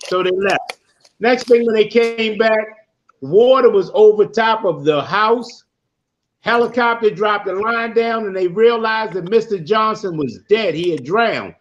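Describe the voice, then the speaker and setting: A man with a high voice tells a story like a preacher giving a sermon, with lively, rolling cadences as he hosts a podcast. The audio is dull and lo-fi, like a call recording. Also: moderate pace, slight background noise. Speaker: podcast host.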